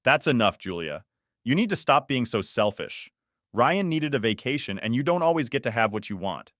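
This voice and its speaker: A man voicing a curt, dismissive middle-aged father in a story reading, flat and offhand. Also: mid-range voice, normal speed, no echo, clean studio sound.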